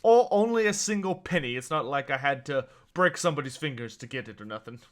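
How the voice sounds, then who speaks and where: A man's voice: mid-range voice, lively intonation, fast, natural voice. A man voicing a tired, shady male fish merchant who talks in a drawling, amused patter. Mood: sly.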